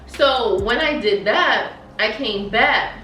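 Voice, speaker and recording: Young woman, slangy emphatic storytelling, slightly high voice, off-mic, echoey room. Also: expressive, takes it slowly, sharp tone, recorded from a distance, soft background music. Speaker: vlogger. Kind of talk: storytime vlog while eating.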